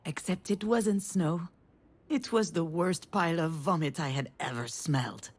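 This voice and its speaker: A woman voicing a mother in a video game, telling a family memory in a warm storytelling manner. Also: fairly low pitch, a little slow, breathy edge. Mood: tender. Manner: warm storytelling, rising to excited cries. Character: tender mother remembering a family trip.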